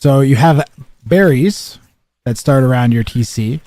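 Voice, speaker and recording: Brief: young male streamer, mellow and dark tone, dry close sound, casual rambling chat and game commentary. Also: mid-range voice, measured pace, no room sound. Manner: rambling, chatty, many fillers and restarts.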